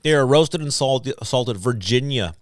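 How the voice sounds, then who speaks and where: A man's voice: mid-range voice, unhurried, dry recording. A man in his thirties co-hosting a podcast, telling jokey stories in casual chat. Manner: animated storyteller, jokey. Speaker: podcast co-host and board operator.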